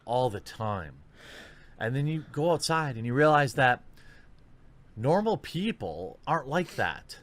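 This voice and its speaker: A man's voice: medium pitch, big pitch swings, a little slow, no echo. A man speaking an earnest, preachy video monologue, played from a recording. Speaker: video commentator.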